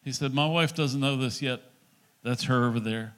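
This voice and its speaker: A middle-aged male pastor telling a story in a sermon, acting out the dialogue in an animated preaching voice. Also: mid-range voice, moderate pace, clear, resonant tone.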